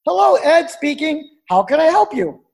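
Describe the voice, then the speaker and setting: A woman's voice: high-pitched, very animated, normal speed, a little mellow, pitched above the performer's own voice. A woman doing a friendly repair shop man with a Texan drawl. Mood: cheerful. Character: male repair shop manager, friendly and matter-of-fact.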